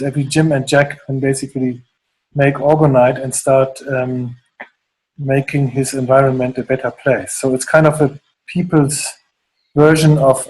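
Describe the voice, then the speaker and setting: A man's voice: medium pitch, a little mellow, breathy edge, rough recording. A man in his fifties with a German accent, a guest in an interview, talking in a rambling, hesitant way with many fillers. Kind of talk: conversational interview.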